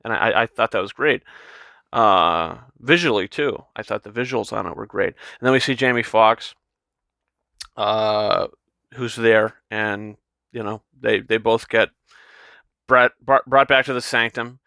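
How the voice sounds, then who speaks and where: A man's voice: on the low side, measured pace, gravelly, sharp tone, dry recording, studio quality. A man giving a casual, enthusiastic spoken film review, rambling with lots of fillers and restarts. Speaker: movie reviewer.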